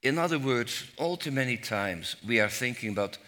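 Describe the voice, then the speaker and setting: A man preaching a sermon on the Psalms, slow and emphatic, rising to loud cries when he quotes scripture. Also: mid-range voice, animated. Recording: long hall reverb.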